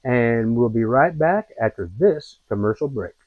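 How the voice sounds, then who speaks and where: An easygoing man narrates a home cooking session in a slow, unhurried drawl. His voice has a middling pitch. The sound is dry and slightly dull, like a lo-fi recording. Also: no echo. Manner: relaxed, folksy, rambling with fillers. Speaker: cooking show host.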